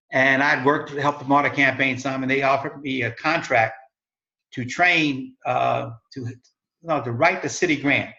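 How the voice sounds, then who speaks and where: A man's voice: medium pitch, creaky, pushed and bright, muffled recording. An older man telling stories in a casual interview, rambling and correcting himself as he goes. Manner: rambling, self-correcting storyteller. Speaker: interview guest, father of host.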